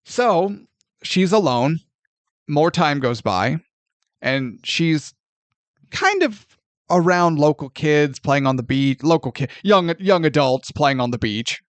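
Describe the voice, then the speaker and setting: A man hosting a casual film review podcast, sarcastic and animated, swearing freely as he retells a plot. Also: on the high side, takes it slowly, no room sound.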